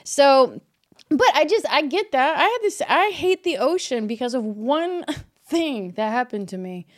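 A woman's voice: sits high, big pitch swings, unhurried. A woman hosting a podcast in casual chat, laughing often, swearing freely and full of exclamations. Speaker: podcast host.

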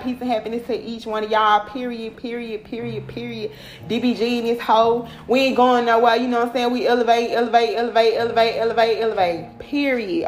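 Woman host, AAVE, blunt and profane motivational talk, slightly high voice, echoey room with faint hum. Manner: blunt, cussing, repeats "period" and "okay".

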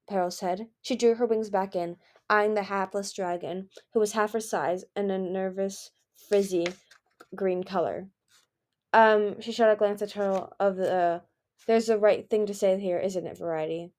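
Lady reading a book chapter out loud, bit of vocal fry, gets louder and higher on the dialogue. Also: steady tone. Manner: reads briskly, raising pitch and volume for dialogue. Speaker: fan reader of a novel. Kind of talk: audiobook-style chapter reading with character voices.

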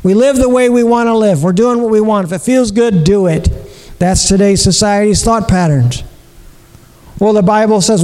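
A man with a high voice delivers a sermon as pastor. He preaches earnestly, repeating his points and asking rhetorical questions. His voice carries a long reverb from the church hall. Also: normal speed, darkish tone.

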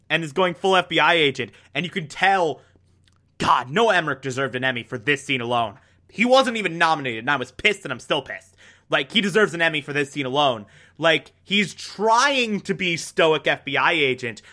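A man's voice: fairly high pitch, bright, forceful tone. A man giving a passionate, casual recap of a TV episode, peppered with "like". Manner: passionate, lots of "like" fillers. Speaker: TV show reviewer.

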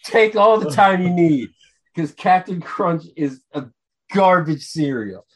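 A man co-hosting a podcast in casual chat, ranting with profanity and getting animated. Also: high voice, slow pace. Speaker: podcast co-host.

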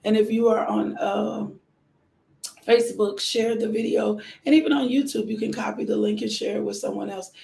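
A hoarse woman hosting a casual morning devotional livestream, praying with repeated thanks and greeting viewers by name. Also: mid-range voice, steady tone, normal speed, dark tone, roomy sound, a little hiss or hum. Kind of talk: casual devotional talk and prayer.

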